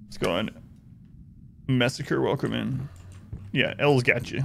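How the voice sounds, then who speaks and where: A man's voice: medium pitch, measured pace, vocal fry, pauses often, slight background noise. A man streaming a horror game live, chatting and joking with his viewers as he plays. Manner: chatty, joking, laughs often, talks to chat. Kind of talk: live gameplay commentary.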